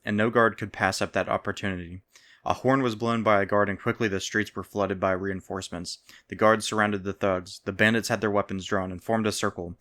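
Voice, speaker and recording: Guy reading a fantasy story aloud, low voice but bright and forceful. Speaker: narrator. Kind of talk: storybook narration.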